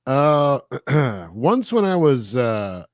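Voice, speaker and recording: Man with a lively, swinging delivery. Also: mid-range voice, very slow, no room sound, studio quality. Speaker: podcast co-host. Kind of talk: reading a listener letter aloud.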